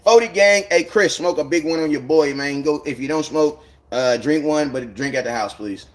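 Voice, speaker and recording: A man's voice: fairly high pitch, moderate pace. A man chatting casually on a live stream, rambling in loose slang and greeting viewers by name. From United States.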